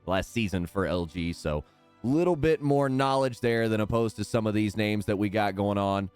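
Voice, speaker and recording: A man's voice: lowish voice, moderate pace, darkish tone, clean tone, soft background music. A man hosting a live stream, calling out names in a hype sports-announcer manner.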